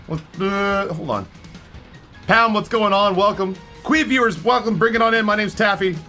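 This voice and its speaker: Man, forties, live streamer, bright tense voice, slightly high, rambling and profane, faint music behind. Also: moderate pace. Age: 40s. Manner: rambling and profane, greeting chatters by name. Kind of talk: casual live-stream chat with viewers.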